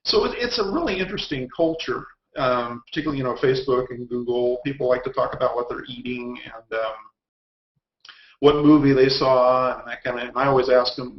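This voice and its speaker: A man's voice: medium pitch, fairly quick. A man with a Texan accent, a guest author chatting casually over a video call, telling wry, rambling anecdotes. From Texas. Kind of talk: casual chat. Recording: echoey, dull lo-fi web call.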